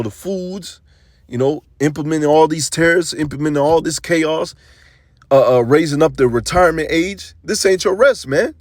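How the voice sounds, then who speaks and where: A man delivers an informal sermon, mixing scripture readings with loose street-style commentary. His voice sits at an ordinary middle pitch. The recording is dry, with no room sound. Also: a little mellow, no room sound. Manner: slangy, conversational, reads verses aloud then riffs. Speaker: scripture teacher. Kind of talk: casual online sermon.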